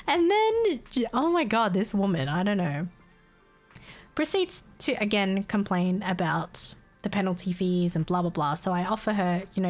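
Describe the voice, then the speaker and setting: A woman streamer chatting to her viewers in an exasperated, foul-mouthed storytelling way, breaking into laughs often. Her voice sits at an ordinary middle pitch. Faint music plays softly underneath. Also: very animated, unhurried. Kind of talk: casual storytelling to stream chat.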